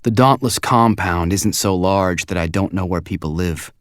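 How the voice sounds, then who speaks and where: A man narrating a first-person audiobook in a quiet, measured, inward way on a close studio mic. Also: low-pitched, clean tone, no echo.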